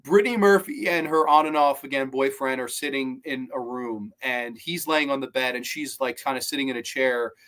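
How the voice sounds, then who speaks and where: A man's voice: mid-range voice, normal speed, few pauses, fairly bright tone. A man in his twenties giving a casual spoken film review, enthusiastic and swearing freely. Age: 20s. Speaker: movie reviewer.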